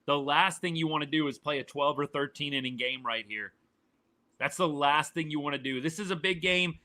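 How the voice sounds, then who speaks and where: Male sports streamer, fired-up and exasperated, forceful and a little high-pitched, answering chat live. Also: normal speed. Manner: fired-up, exasperated, repeats points.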